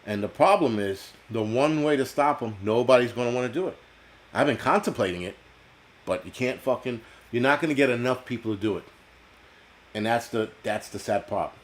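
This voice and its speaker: A man's voice: medium pitch, animated, a little fast. A man from the United States hosting a live stream, ranting bluntly and profanely as he answers chat. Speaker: host.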